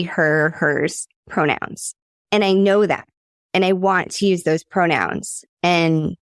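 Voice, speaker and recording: Low gravelly woman, candid podcast host. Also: dry recording, studio quality. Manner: candid, reflective, openly vulnerable. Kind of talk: conversational interview.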